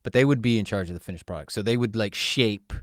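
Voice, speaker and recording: Brief: male podcast co-host, lower voice, animated and wry, dry studio sound. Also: fast, no room sound. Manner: animated, joking storyteller. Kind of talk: casual podcast chat.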